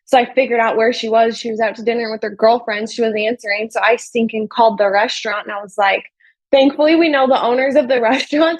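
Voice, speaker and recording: A woman's voice: on the high side, steady tone, fast, dry recording, low-quality recording. A woman telling her story as an interview guest, talking casually with lots of "like" and acting out what people said. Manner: chatty, fills with "like", acts out quoted dialogue.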